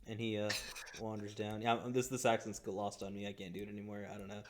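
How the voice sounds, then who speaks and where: A man narrating as dungeon master, relaxed, with chuckling asides. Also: fairly low pitch, fast. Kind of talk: narrating a tabletop game.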